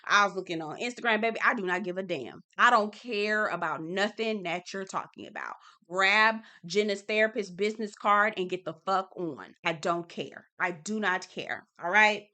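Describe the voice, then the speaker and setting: Bright-voiced sassy woman reviewing TV. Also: medium pitch, normal speed, hardly any pauses. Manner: sassy, emphatic, profane. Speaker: TV recap host. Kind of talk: casual reality TV review.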